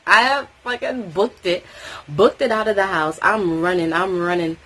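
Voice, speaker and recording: A young woman from Tobago telling a story in casual vlog chat, animated and swearing freely. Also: medium pitch, takes it slowly, low-quality recording. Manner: animated, swearing freely, acting out quoted voices.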